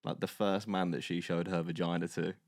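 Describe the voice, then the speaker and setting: Man, young adult, very low voice, dead-dry sound, animated podcast storyteller. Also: fairly quick, no room sound. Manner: animated, swearing, acts out quotes loudly. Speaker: podcast co-host. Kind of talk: casual storytelling chat.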